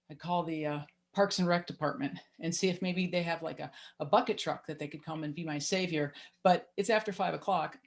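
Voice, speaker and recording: A woman in her thirties telling a personal story to an audience, lively, wry and self-mocking, heard over a video call. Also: fairly low pitch.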